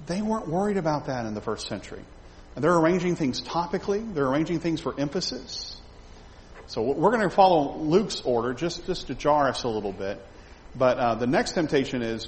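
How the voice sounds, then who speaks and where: A man with a slightly high, brisk voice teaches a Bible lesson in an animated, conversational way, pointing to slides and asking his listeners questions. The hall is reverberant, with faint background noise.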